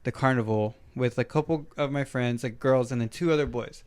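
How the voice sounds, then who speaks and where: A man in his twenties, a podcast host, telling a story in casual, profane, animated chat. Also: mid-range voice, a little fast, smooth. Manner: profane, animated, acts out voices in his stories.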